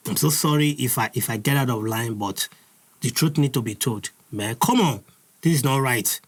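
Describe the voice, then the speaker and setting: Impassioned Nigerian man, husky voice. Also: medium pitch, moderate pace. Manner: furious, preaching, repeats his points. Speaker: host. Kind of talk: impassioned commentary.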